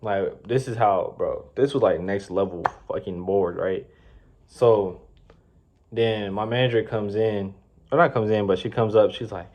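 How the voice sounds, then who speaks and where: This twenty-something vlogger has a lowish, darkish voice and doesn't rush. He tells a slangy, casual story, swearing plenty and wandering off into rambling asides.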